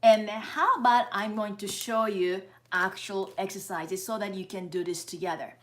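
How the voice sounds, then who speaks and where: A woman teaching face exercises in a live-streamed lesson, coaching viewers step by step and checking in that they are following along. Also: mid-range voice. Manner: demonstrates and counts out steps slowly. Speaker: face yoga instructor.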